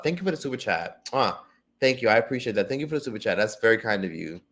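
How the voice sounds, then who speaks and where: A man hosting a casual livestream and reading viewer comments. He is profane and excitable, with loud outbursts that drop to low mutters. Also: quick pace. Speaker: livestream host.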